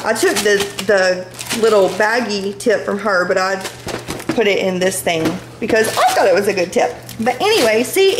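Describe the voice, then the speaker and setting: A woman talks her way through a home vlog, rambling and full of quick asides. Her voice sits a little high. The recording is from a noisy home kitchen. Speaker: home vlogger. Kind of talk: casual chatty vlog.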